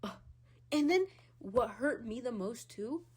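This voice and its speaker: Animated young woman ranting on a podcast. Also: unhurried, a little hiss or hum. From Hispanic background. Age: young adult. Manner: animated, swearing, laughs often, big swings in pitch and loudness. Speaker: podcast host. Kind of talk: casual solo rant.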